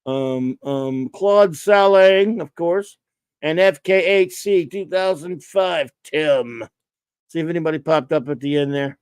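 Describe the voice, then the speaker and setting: A man's voice: fairly high pitch, measured pace, a little mellow, clean tone, dry recording. Chatty man hosting a livestream. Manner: rambling, reads out viewer names and thanks them. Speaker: livestream host. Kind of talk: casual livestream chat.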